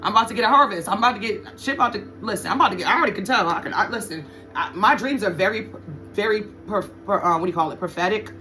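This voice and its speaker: A woman's voice: mid-range voice, quick pace, pushed and bright, faint music behind. A woman giving a casual tarot reading to her viewers, blunt and profane, often repeating her points for emphasis. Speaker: tarot reader.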